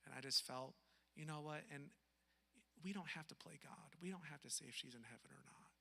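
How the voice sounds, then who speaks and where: A man's voice: on the high side, fairly quick, vocal fry. Earnest man in a reverberant hall. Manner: emphatic, drops to a hushed voice for sad parts. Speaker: foster parent. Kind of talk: earnest storytelling talk.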